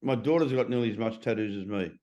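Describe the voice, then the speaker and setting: A man's voice: on the low side, quick pace, mellow, muffled recording. A middle-aged man in a casual interview. He is a transformation coach who talks bluntly and swears freely.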